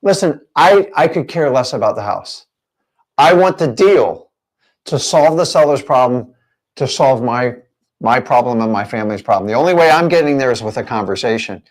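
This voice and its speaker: A man's voice: medium pitch, lively intonation, moderate pace. A man teaching a real estate training session, emphatic and full of rhetorical questions.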